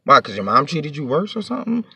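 A man's voice: a little high, big pitch swings, fast talker, creaky, bright, forceful tone, breathy edge, no echo. A man telling a storytime to his vlog audience in a heated, profane, rambling rant, sitting a bit back from the mic.

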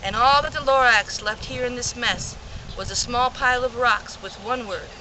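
A woman's voice: on the high side, normal speed, background noise. A woman reading a rhyming children's story aloud in a playful, rhythmic way. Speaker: reader.

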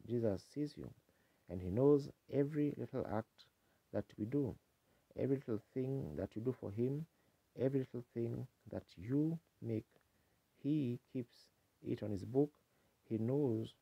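A man's voice: mid-range voice, creaky, breathy edge, no echo. A man preaching a sermon in a folksy, earnest storytelling manner, on a dull 1950s tape.

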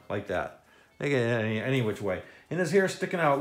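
A man's voice: a little high, sing-song, brisk. A man leading a kids' step-by-step drawing lesson, playful and jokey, with silly sound effects. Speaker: children's drawing instructor.

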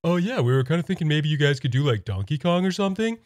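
A man voicing a dim, meek salesman who talks in halting, goofy bursts. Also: fairly high pitch, big pitch swings, darkish tone, dry recording, studio quality, voice pushed up. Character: dopey, meek male sales rep, slow and goofy.

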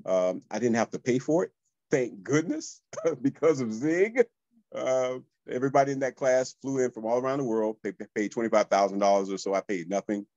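High-energy man telling stories. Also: moderate pace, no room sound, lo-fi sound. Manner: high-energy, animated, addresses listeners as y'all. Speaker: real estate coach. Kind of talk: motivational storytelling.

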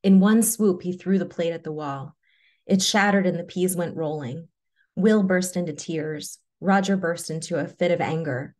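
A woman reading a personal story aloud in a measured, low-key way, then presenting to an audience. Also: darkish tone. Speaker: webinar presenter.

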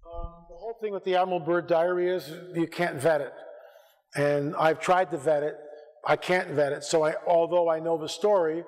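High-voiced man preaching fiery exhortation. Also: steady tone, moderate pace. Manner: urgent, exhorting, builds to shouted rebukes. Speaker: conference speaker. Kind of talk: fiery conference lecture. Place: church auditorium. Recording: reverberant church hall.

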